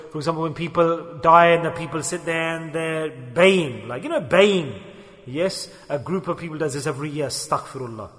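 High-voiced male preacher in a reverberant hall. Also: sharp tone. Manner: storytelling, acts out quoted speech with sudden pitch and volume swings. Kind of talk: sermon.

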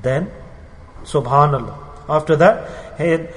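A male Islamic preacher giving a sermon through a personal story. He repeats his points, asks rhetorical questions, and swings from loud urging to hushed asides. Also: a little high, animated, slow, long reverb tail.

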